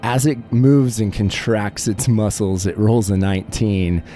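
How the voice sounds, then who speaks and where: Mellow low-voiced male game master. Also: steady tone, unhurried, faint music behind. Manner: vivid, playful narration with frequent laughs. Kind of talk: narrating a tabletop horror game.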